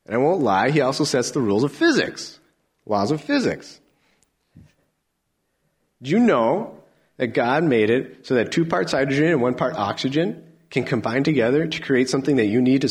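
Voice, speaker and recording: A man preaching a sermon, animated, swinging from loud emphatic lines to soft near-whispers. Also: medium pitch, slightly rough.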